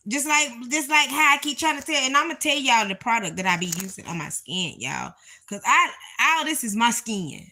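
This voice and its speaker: Bright-voiced animated woman vlogger. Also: fairly high pitch, normal speed. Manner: animated, emphatic, speaks in Southern-style vernacular. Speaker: reaction video host. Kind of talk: casual chat to viewers. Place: home, indoors. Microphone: phone or camera nearby.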